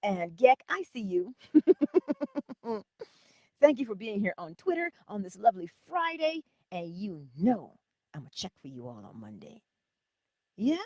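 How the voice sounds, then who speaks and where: A woman hosts a relaxed livestream chat, her pitch leaping up and down as she greets viewers by name and calls them honey. She talks at an unhurried pace, close to the mic in a dry, dead room. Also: no echo. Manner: animated, laughing often, calling viewers honey. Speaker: livestream host.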